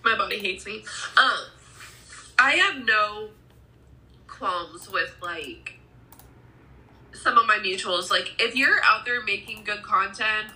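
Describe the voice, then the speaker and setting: Sleepy woman co-host with a bright voice. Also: mid-range voice, takes it slowly, long pauses, poor audio. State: sleepy, yawning. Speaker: podcast co-host. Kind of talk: casual chat.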